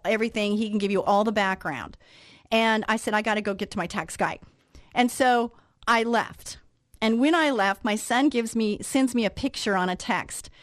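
A woman's voice: a little high, no room sound. Woman radio host, chatty storyteller, acts out the voices, dry close sound. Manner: animated storyteller, acts out quoted reactions. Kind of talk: casual storytelling and devotional talk.

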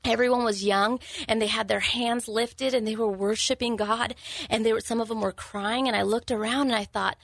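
Gravelly, earnest woman from California. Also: fairly high pitch, fairly even intonation, fairly bright tone, no echo. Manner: earnest, halting, many restarts. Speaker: guest sharing her testimony. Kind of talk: personal testimony interview.

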